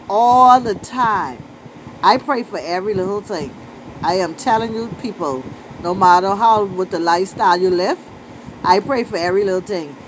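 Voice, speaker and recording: A woman's voice: mid-range voice, a little hiss or hum, low-quality recording. A middle-aged Bahamian woman with a Bahamian accent, telling a story to camera in a casual vlog and repeating phrases for emphasis. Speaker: vlogger and poet.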